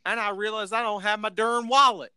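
A man voicing a loud Southern woman with a Southern US accent, drawling and cheery as she asks about cigarettes. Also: high voice, fairly even intonation, fairly quick, clear, resonant tone, dry recording, studio quality, pitched above the performer's own voice. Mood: drawling, friendly.

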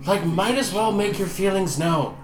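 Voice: mid-range voice, expressive, moderate pace, natural voice. A player voicing a socially awkward adventurer sidekick who talks bluntly and swears casually. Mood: urging. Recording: roomy with music behind.

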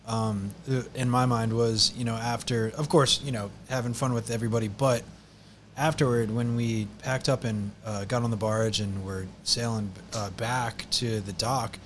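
A man's voice: mid-range voice, steady tone, moderate pace, a little hiss or hum. A man in casual chat, telling a rambling story with many hesitations.

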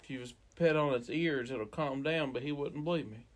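A man's voice: medium pitch, brisk. A man in casual chat who keeps nudging his co-host to tell the story. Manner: prompting, eager interjections.

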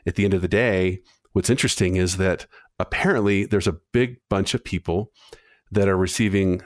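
A man's voice: low voice, moderate pace, dry recording, clean studio sound. A man hosting a casual interview, reflecting aloud and thinking through his questions. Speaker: podcast host.

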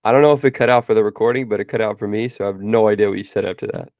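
A man hosting a podcast in a brisk, casual way, keeping the segments moving. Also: on the low side, steady tone, dry recording, muffled recording. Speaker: podcast host. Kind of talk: casual chat.

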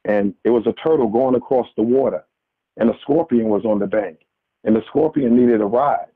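A man's voice: medium pitch, moderate pace, breathy edge, no room sound. A man calling in to a radio show, speaking earnestly with a preachy manner and many restarts. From New York. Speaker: caller. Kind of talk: impassioned call-in commentary. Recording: tinny phone line.

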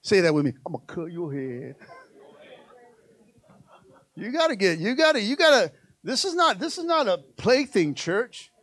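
High-pitched male pastor, energetic sermon, dry close sound. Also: brisk, dry recording. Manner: animated preaching, repeatedly calls out to the congregation.

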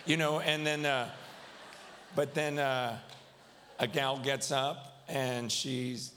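A man preaching a sermon at a live event, telling a story in a conversational way and acting out what others said. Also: lowish voice.

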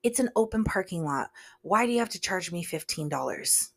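Woman doing a solo podcast in a studio, slightly low voice, chatty and jokey, gets loud out of nowhere. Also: lively intonation, a little fast, vocal fry. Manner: chatty, jokey and self-deprecating with sudden loud bursts. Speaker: podcast host. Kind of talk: casual solo podcast chat. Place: recording studio.

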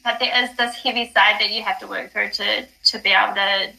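A woman guest on a podcast, telling a personal story in casual chat, animated, with many fillers and the odd swear. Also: mid-range voice, fairly quick, vocal fry, rough recording. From not from the UK. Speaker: psychic guest.

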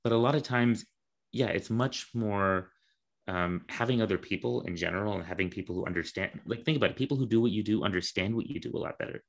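Man, podcast co-host, casual chat, deep voice, gravelly, earnest. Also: fast. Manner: earnest, encouraging, gently joking.

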